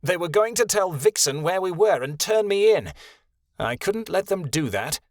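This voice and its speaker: A man's voice: high-pitched, lively intonation, moderate pace, no room sound, studio quality, voice pushed up. A man voicing a cruel, callous man who speaks in a cold, dismissive way.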